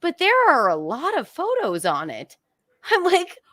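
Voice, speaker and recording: A woman guest on a comedy podcast, telling stories with animated put-on voices, laughing often and swearing. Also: high-pitched, a little slow, no echo, clean studio sound. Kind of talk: casual comedic chat.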